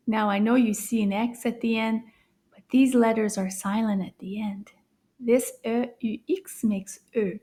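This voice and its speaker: A woman with a bright, high voice leads a children's language lesson at an unhurried pace. She sounds cheerful and coaxing, praising often and dropping into soft whispers to build a little suspense. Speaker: French teacher for children. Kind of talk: slow, encouraging kids' lesson.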